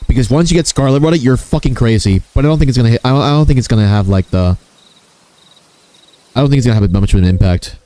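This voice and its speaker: A man's voice: mid-range voice, fast, dark tone. A man chatting casually on his gaming stream, joking crudely and swearing freely. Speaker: VTuber streamer.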